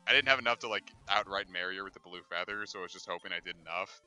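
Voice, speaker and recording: Stream host: man, very bright tone, crude joker, faint game music underneath. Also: low voice, racing, smooth, poor audio. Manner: joking, crude, playful banter. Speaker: let's play host. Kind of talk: casual chat over gameplay.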